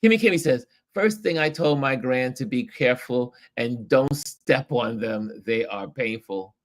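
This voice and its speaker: A middle-aged man hosting a livestream, reading viewer comments aloud in casual chat, animated and nostalgic and quick to laugh. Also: mid-range voice. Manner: laughs often, animated and nostalgic, stretches words.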